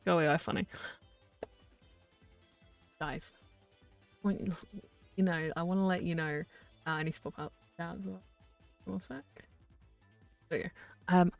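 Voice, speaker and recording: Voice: mid-range voice, fairly even intonation, a little slow, vocal fry, long pauses, no echo. Twenties, chatty rambling streamer, dry close sound, faint music underneath. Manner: rambling, filler-heavy, laughs often. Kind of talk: casual live-stream chat.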